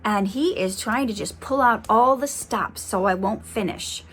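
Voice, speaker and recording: A woman's voice: on the high side, a little slow, fairly bright tone, slight background noise. A young woman speaking earnestly and encouragingly in a casual, faith-based motivational vlog, often restarting her sentences. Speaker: motivational vlogger.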